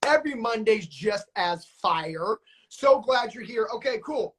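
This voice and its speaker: A man hosts a live coaching stream and keeps the energy high. He hypes up his guests, drops slang and leans on casual fillers as he talks. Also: lively intonation, a little slow, a bit bright. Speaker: notary business coach and live-stream host.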